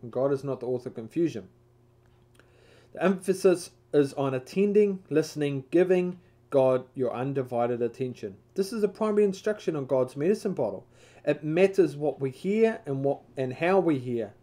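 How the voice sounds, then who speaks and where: A man leading a Bible study, reading a devotional book aloud in a measured way, now and then stumbling and correcting himself. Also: on the high side, animated, mellow.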